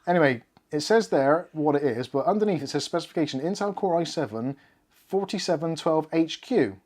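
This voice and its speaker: Sitting indoors at a desk with a laptop and cameras, a Bristol-accented man chats casually on a tech livestream, cracking jokes and swearing freely. He sounds fairly high, animated, a little mellow, and a little fast.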